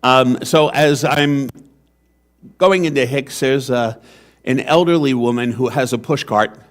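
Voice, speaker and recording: A man's voice: medium pitch, measured pace. Man preaching a sermon with wry humor. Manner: storytelling, self-deprecating humor. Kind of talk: sermon with scripture reading. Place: church.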